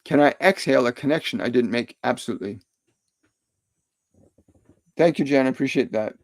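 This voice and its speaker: A middle-aged man, a spiritual medium, answers viewer questions in a live stream with calm, repetitive, soothing instructions. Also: medium pitch, brisk, no echo.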